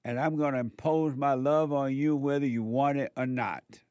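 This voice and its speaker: A man's voice: mid-range voice, steady tone, normal speed, darkish tone, clean tone, no echo, lightly acted. A man voicing an angry, smothering middle-aged mother who insists on her love with possessive scolding. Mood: insistent.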